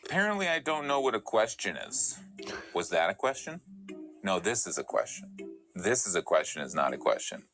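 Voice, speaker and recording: A man's voice: fairly low pitch, sing-song, normal speed, fairly bright tone, soft background music. Self-mocking man in improv banter. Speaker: comedy panel contestant.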